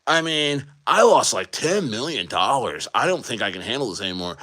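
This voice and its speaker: A man mockingly impersonating a panicky young male internet streamer, pitched well above his own voice and talking in a frantic rush. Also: very animated, moderate pace, sharp tone. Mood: mock panic.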